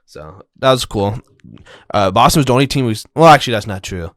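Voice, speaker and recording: A man's voice: medium pitch, quick pace, no room sound, clean studio sound. A man co-hosting a podcast, telling stories in casual chat and acting out the quoted exchanges. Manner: animated storytelling, acts out quoted exchanges. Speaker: podcast co-host.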